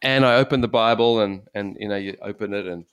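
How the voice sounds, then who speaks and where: A man, a pastor, giving an earnest, animated personal testimony in conversation. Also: fairly low pitch, quick pace, clear, resonant tone, no echo, clean studio sound. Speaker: pastor and guest speaker.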